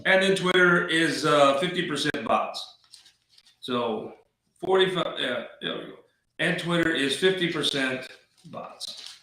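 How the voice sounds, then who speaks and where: A man's voice: a little high, lively intonation, unhurried, bright, forceful tone, heavy reverb, far from the mic, rough recording. A man hosting a political talk show, rambling in a folksy, wisecracking way. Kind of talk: casual political commentary.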